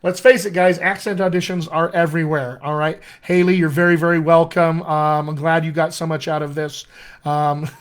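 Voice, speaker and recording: A man's voice: a little high, level tone, moderate pace. A man coaching accents on a casual livestream, talking straight to his viewers in a friendly, salesy way and reading out their comments. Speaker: dialect coach.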